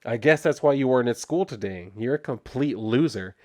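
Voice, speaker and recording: A man reading the lines of a scornful teenage girl, in a sharp, insulting manner, raising his voice a little. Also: mid-range voice, lively intonation, fairly quick, natural voice.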